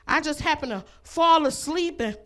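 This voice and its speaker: A woman's voice: high-pitched, lively intonation, normal speed, background noise. A woman doing a stand-up comedy set, brash and laughing between her jokes, on a comedy club stage.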